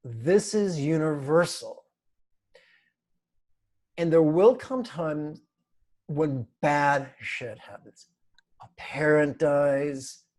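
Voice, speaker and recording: A man teaching an online meditation class, speaking slowly and deliberately, with a playful manner and frequent laughs. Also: fairly high pitch, darkish tone. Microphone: video call.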